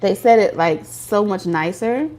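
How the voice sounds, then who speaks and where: A woman's voice: medium pitch, a little slow, a little mellow, a little hiss or hum. A woman doing a casual tarot reading for viewers, talking bluntly with slang and profanity. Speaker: tarot reader.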